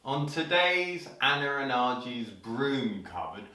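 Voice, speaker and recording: A man hosting a children's show, telling a story playfully and breaking into sudden shouts, heard in an echoey room from a distance. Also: mid-range voice, takes it slowly. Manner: animated, leaps into loud sudden shouts for scares.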